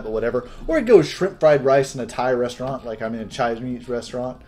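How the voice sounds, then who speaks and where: A man's voice: mid-range voice, quick pace, few pauses, a little mellow, faint music behind. A man hosting a casual let's-play, chatting and lightly joking while reading game text aloud. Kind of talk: casual gameplay commentary.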